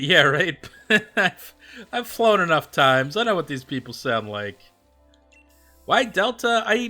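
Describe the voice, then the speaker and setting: Chatting casually on a livestream, a man answers viewers by name while rambling with lots of filler words. His voice runs on the high side with a sharp tone.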